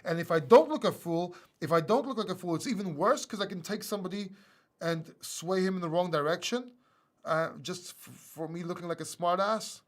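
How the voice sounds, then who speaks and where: A man from Greece hosts a casual crypto live stream, reading out viewer questions and answering them off the cuff. His voice sits a little higher than most men's. He talks in an animated, self-mocking way, laughing often. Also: brisk.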